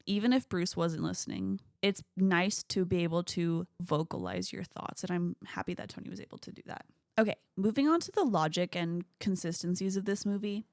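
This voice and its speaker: A woman's voice: lowish voice, creaky, no echo, studio quality. A young adult woman hosting a podcast, chatting frankly and casually about a film, swearing freely. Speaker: podcast host.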